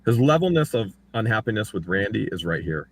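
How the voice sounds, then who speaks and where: A man's voice: brisk, slight background noise. A man talking casually about his own court case, acting out what others said with big jumps in voice. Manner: animated, acts out quotes with big pitch jumps. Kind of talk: casual livestream chat.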